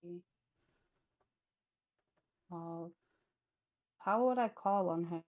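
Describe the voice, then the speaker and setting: A woman's voice: on the low side, slow, no echo, phone-quality sound. A woman playing a tabletop game, talking casually and hesitantly with many fillers. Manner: hesitant, lots of fillers, giggly. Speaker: player.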